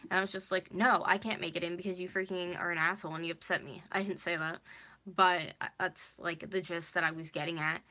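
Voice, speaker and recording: A woman's voice: fairly low pitch, creaky, pushed and bright. A woman in her twenties telling a casual storytime vlog, rambling with a lot of "like" and the odd swear word. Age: 20s. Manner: rambling, heavy use of "like", swearing. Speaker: vlogger.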